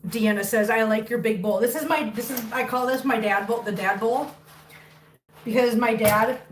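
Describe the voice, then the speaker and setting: A woman's voice: a little high, moderate pace. A woman hosting a live cooking stream in her home kitchen, chatting casually, laughing often and cooing baby talk at her cats. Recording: echoey room, mic at a distance, faint noise.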